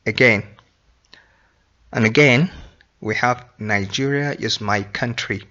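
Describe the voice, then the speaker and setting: Slow, clear-voiced male English teacher. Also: medium pitch, pushed and bright, lo-fi sound. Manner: deliberate, repeats example sentences. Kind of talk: slow explanatory grammar lesson.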